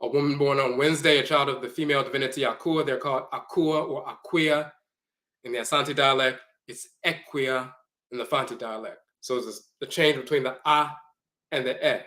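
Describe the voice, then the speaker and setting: A man giving a slow, deliberate lecture, repeating and spelling out terms as he explains glyphs and dialects. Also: mid-range voice, steady tone, bright, forceful tone.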